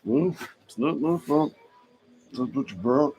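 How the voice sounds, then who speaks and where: A middle-aged man co-hosting a casual pipe-smoking chat, teasing his partner with quick wisecracks. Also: mid-range voice, darkish tone, slightly rough, rough recording. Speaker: podcast co-host.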